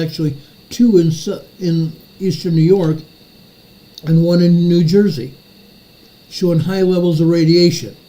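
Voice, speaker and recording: Older male host, slow and angry ranter, slightly high voice, repeats lines for emphasis. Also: warm tone, low-quality recording. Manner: furious, repeats phrases for emphasis. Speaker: show host. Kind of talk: ranting commentary monologue.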